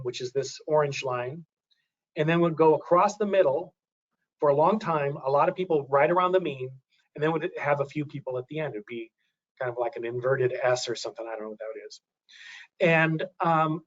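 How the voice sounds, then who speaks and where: Lo-fi man walking through charts. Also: a little high. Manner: thinking aloud, many restarts. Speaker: presenter. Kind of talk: webinar presentation.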